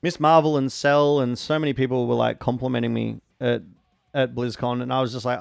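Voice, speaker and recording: Chatty, excitable gravelly-voiced man streamer. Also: medium pitch, fairly quick, no echo, clean studio sound. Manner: chatty and excitable, greets chat and reacts loudly to the game. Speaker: game streamer. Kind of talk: casual live-stream chat while gaming.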